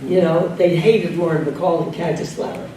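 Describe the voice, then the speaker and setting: An older actress telling lively backstage stories as an interview guest, laughing often and mimicking others. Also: female voice, lowish voice, a little fast, a crowd in the background. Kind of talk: anecdotal storytelling Q&A. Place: club room with live audience. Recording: echoey room, distant mic, background noise.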